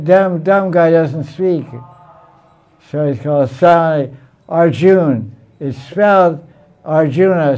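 A man's voice: a little high, a little mellow, dull audio. A man teaching a Sanskrit class in a blunt, teasing way, often repeating himself. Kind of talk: informal classroom lecture.

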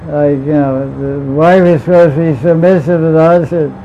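This scripture class is taught by a man whose fairly high voice stays fairly even in intonation and moves at a moderate pace. He's playful, laughs a lot, and keeps asking the class questions. The sound quality is dull and lo-fi, with vehicles faintly audible.

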